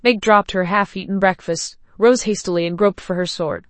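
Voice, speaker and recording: A woman reading a story aloud in a steady, even way. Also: mid-range voice, moderate pace, no echo. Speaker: narrator.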